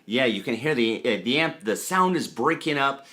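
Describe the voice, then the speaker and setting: Lively-voiced man teaching guitar. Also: medium pitch, moderate pace. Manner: relaxed, counts beats aloud. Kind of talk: casual guitar lesson. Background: guitar playing.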